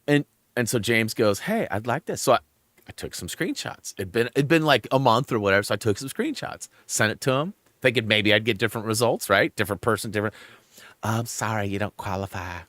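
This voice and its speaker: A man's voice: mid-range voice, quick pace, dry recording. A middle-aged man hosting a gaming channel, chatting casually and acting out quotes, laughing often as he tells stories over gameplay. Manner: animated storyteller who acts out quotes, laughs often. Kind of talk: casual gameplay commentary and storytelling.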